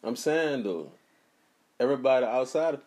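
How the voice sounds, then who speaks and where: A man's voice: medium pitch, animated, moderate pace, darkish tone. A man co-hosting a casual late-night chat, laid-back and slangy, chuckling often. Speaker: podcast co-host.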